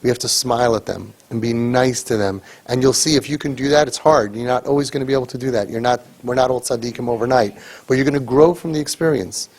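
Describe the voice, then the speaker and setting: A man's voice: mid-range voice, fast talker, hardly any pauses, darkish tone. A middle-aged man, a crisis coach, giving an earnest, emphatic lecture to a group and often asking rhetorical questions. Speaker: parent crisis coach leading a sibling training group.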